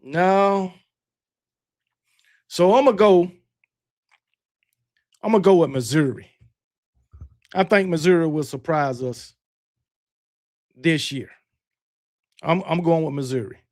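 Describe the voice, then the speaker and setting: A man's voice: fairly high pitch, slow pace, long pauses, darkish tone. A man hosting a livestream, chatting casually with viewers, rambling and correcting himself, full of boastful sports banter. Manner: rambling, self-correcting, talks back to chat. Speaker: livestream host. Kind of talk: casual chat with live viewers.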